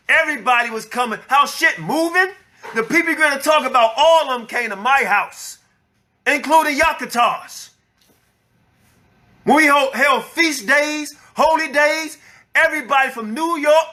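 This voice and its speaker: In this heated reaction commentary, a male elder of a religious group rants loudly, his voice sharp and high-pitched. Swearing and preaching in anger, he repeats what the clip says so he can rebut it.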